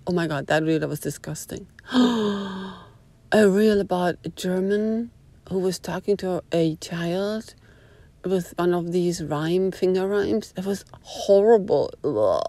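A woman's voice: on the low side, slow pace, mellow, dry recording. A woman hosting a casual talk, rambling on with dramatic groans of disgust. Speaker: host. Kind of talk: casual monologue.

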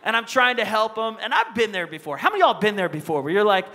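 A man's voice: high-pitched, animated, fast talker, pushed and bright. A middle-aged male pastor preaching a sermon in a church, with emphatic call-and-response and prayer. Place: church sanctuary on a stage. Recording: reverberant church hall.

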